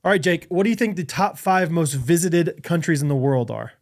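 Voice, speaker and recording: A man's voice: fairly high pitch, lively intonation, fairly quick. A man co-hosting a podcast, running a casual quiz with lots of laughter and hesitant filler words. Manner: giggly, hesitant, lots of ums. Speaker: podcast co-host.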